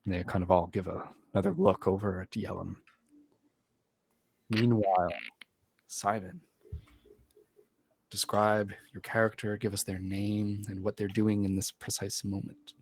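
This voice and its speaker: A man's voice: fairly low pitch, little pitch movement, measured pace, pauses often, a little mellow. A man narrating as game master of a tabletop game in a loose, casual way. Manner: loose, filler-heavy narration.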